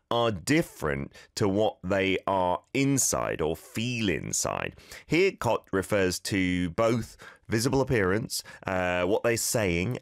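A man's voice: fairly low pitch, no room sound, studio quality. A man hosting a casual radio language lesson, chatty and self-deprecating as he breaks down a phrase step by step.

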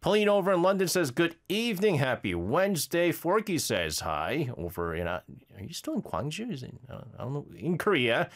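A man's voice: on the high side, huge pitch swings, a little fast. Guy hosting radio, super chatty, laughs a lot, voice goes up and down all over. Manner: chatty, laughs often, loose with fillers. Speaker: radio show host. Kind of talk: casual live radio chat reading listener messages. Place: radio studio.

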